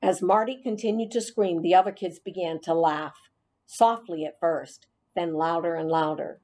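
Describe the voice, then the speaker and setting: A woman's voice: lowish voice, fairly even intonation, moderate pace, dark tone. A woman narrating a children's storybook in the first person as a hamster, reading expressively.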